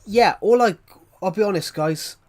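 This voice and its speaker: A man's voice: sits high, normal speed. A man chatting casually on a livestream, rambling and restarting his sentences as he talks to viewers.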